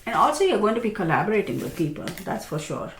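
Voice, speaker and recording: A woman's voice: mid-range voice, very animated, fast talker, echoey room, slight background noise. Tired, reassuring woman reading tarot. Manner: reassuring, chatty, many fillers. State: tired, congested from allergies. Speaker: tarot reader.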